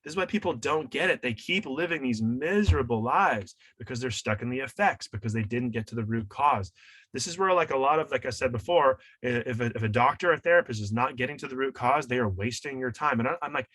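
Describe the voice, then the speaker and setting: A man's voice: mid-range voice, fast talker, fairly bright tone, breathy edge, dry recording. A man coaching and teaching in an interview, emphatic and preachy, repeating his key points. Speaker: shadow work coach and author.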